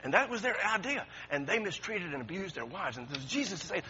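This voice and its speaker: A pastor preaching a sermon, swinging from quiet talk to shouting and repeating his words. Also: sits high, sing-song, a little fast, slight background noise. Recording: dull lo-fi recording.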